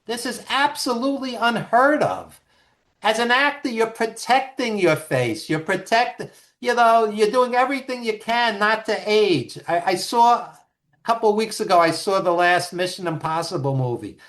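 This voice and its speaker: A man, a guest on an interview show, telling stories in an animated, emphatic way with frequent restarts. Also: high-pitched, normal speed. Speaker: guest, author and producer. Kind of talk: storytelling interview talk.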